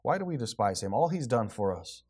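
A man's voice: mid-range voice, sing-song, fairly quick, a little mellow, breathy edge. A man preaching a sermon, building up with rhetorical questions and acted-out quotes. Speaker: pastor.

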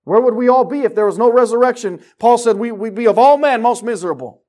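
Fervent high-voiced male preacher. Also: fast. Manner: fervent, swinging from quiet to loud. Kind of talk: sermon.

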